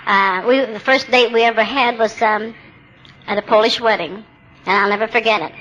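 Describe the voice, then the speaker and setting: A woman's voice: fairly high pitch, fairly even intonation, moderate pace, fairly bright tone, highs cut off, slight background noise. A woman in her seventies speaking at a meeting, telling her own recovery story in a candid, plainspoken way with wry humor. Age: 70s. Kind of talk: personal testimony talk.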